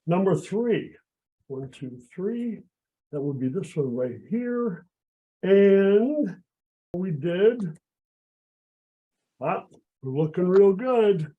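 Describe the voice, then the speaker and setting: A man's voice: sits high, lively intonation, extremely slow, long pauses, narrow, tinny audio. A man performing a live magic act by video call, chatty and encouraging, with a cold that is making him lose his voice.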